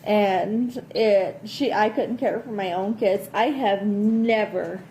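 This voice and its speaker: A woman's voice: mid-range voice, slow, darkish tone, slight background noise. Distraught woman on a phone call. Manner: distraught, swears often, voice rising and breaking. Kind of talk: emotional phone conversation.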